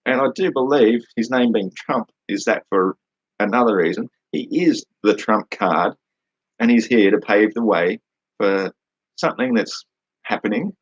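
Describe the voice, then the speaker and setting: Blunt, sweary Australian man, husky voice. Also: fairly low pitch, animated, unhurried, no room sound, muffled recording. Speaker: vlogger answering comments. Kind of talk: combative ranting monologue.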